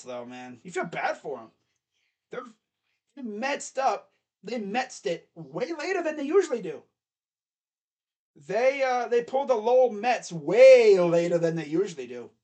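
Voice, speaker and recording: Guy with a high voice doing live play-by-play, excitable fan rambling. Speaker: streamer giving live baseball reaction. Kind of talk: casual live play-by-play reaction.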